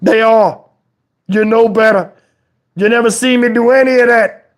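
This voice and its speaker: At normal speed and in a steady, very high-pitched tone, a man acts out a preachy older father's outraged comic rant. The indignant character scolds with exasperation, swears, and shouts on occasion.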